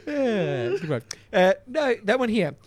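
Deadpan man, lively voice. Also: high voice, unhurried. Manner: deadpan absurd joking. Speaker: comedy podcast co-host. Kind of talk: improvised comedy banter.

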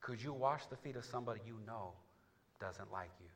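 A man preaching to his church, dropping low and quiet, then surging loud and high, with quick stammered restarts. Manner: restarts words in bursts. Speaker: pastor. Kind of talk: sermon. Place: church before a congregation.

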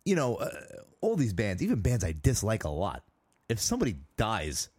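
A man co-hosting a music podcast, chatting in an animated, teasing way. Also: on the low side, normal speed, slightly rough. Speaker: podcast co-host. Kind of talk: casual chat about music.

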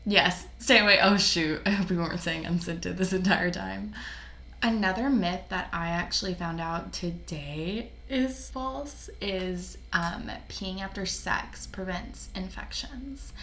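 A young woman chats casually as a podcast co-host, giggly and full of filler words. Her voice is bright and a little low for a woman. She is recorded in an echoey room with faint noise behind her. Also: unhurried. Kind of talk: casual chat.

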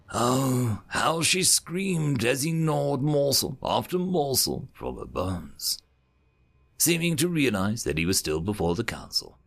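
A man hosting his channel and narrating a sci-fi short story in an expressive audiobook reading. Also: fairly low pitch, creaky, breathy edge.

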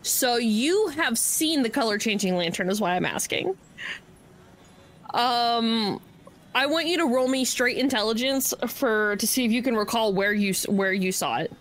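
A woman's voice: on the high side, lively intonation, normal speed, fairly bright tone. Chatty woman running a tabletop game. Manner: chatty, laughs often, many fillers. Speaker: game master.

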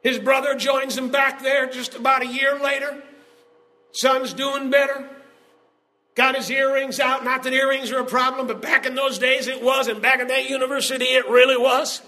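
A preacher delivering a sermon with emphatic storytelling, building into shouted calls to the congregation. His voice is very high, and his tone is bright and forceful. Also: little pitch movement, normal speed.

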